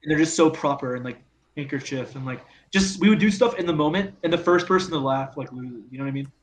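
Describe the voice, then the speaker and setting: A man's voice: fairly high pitch, fast. A young man, a guest actor, chatting casually in a laid-back way, with "like" all through his speech. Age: young adult. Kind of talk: casual chat.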